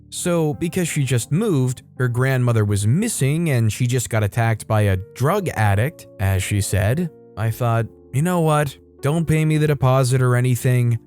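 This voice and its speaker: A man's voice: medium pitch, darkish tone. A man narrating online stories aloud, reading them out and adding wry comments between them. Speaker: story narrator.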